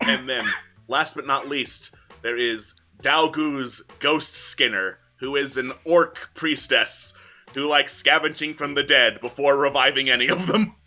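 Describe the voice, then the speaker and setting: A man's voice: mid-range voice, expressive, slow pace, bright, forceful tone, faint music behind. A man in casual group chat, describing the characters of a campaign setting with a laid-back, jokey manner.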